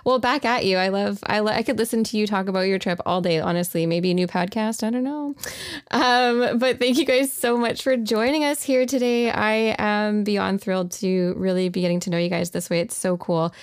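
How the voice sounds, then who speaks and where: A woman's voice: mid-range voice, normal speed, no room sound, clean studio sound. A woman with a Canadian accent hosting a casual audio chat room in a bubbly, upbeat manner. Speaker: room host.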